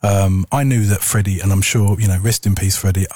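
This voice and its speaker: A man's voice: low voice, steady tone, a little fast, warm tone, slightly rough, no echo, clean studio sound. A man presenting on the radio, telling a story in a casual, rambling way with frequent ums. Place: radio studio.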